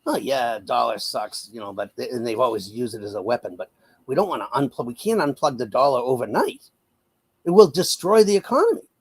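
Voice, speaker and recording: A man's voice: mid-range voice, animated, a little fast, breathy edge. A man giving casual political commentary as an interview guest, wry and often laughing, with many fillers and restarts, over a video call.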